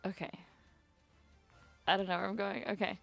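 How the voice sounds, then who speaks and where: A woman chatting to herself while she plays a video game, rambling and giggly, her voice climbing high when she gets nervous. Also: little pitch movement, moderate pace, vocal fry, faint music behind. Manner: rambling self-talk, giggly. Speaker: streamer. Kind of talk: casual gameplay commentary.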